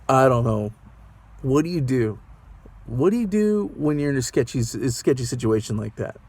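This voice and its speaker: A man's voice: mid-range voice, big pitch swings, normal speed, a little mellow, slightly rough. A man and rideshare driver telling a story in a casual vlog, rambling and anxious, often asking the viewer what they would do. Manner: rambling, anxious, asks the viewer rhetorical questions.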